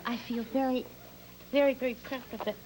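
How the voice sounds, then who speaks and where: An actress playing a flustered young actress who rambles with ums and trails off, in a sketch comedy talk-show bit. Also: female voice, high-pitched, steady tone, a little fast, background noise, lightly acted. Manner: hesitant, full of ums and trailing off.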